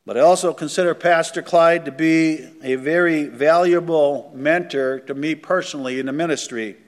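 A man's voice: on the high side, normal speed. A man introducing the guest preacher to a church congregation, earnest and grateful, with frequent hesitations. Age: older. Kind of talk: formal introduction. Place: church sanctuary. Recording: long church reverb.

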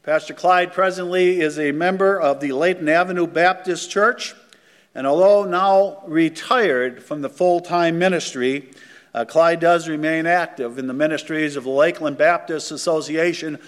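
A man's voice: fairly high pitch, moderate pace. A man introducing the guest preacher to a church congregation, earnest and grateful, with frequent hesitations. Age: older. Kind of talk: formal introduction. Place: church sanctuary. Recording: long church reverb.

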